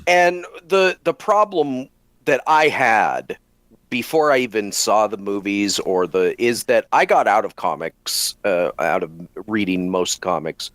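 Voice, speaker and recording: A man co-hosting a casual podcast chat, explaining things in a measured way. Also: lowish voice, animated, fairly bright tone, no room sound. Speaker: podcast co-host.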